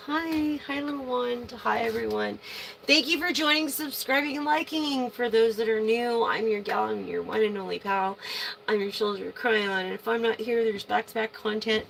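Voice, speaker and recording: A woman giving a casual tarot reading to her viewers, chatty and excitable, swearing freely and breaking into loud bursts. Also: medium pitch, gravelly, slight background noise, rough recording. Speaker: tarot reader.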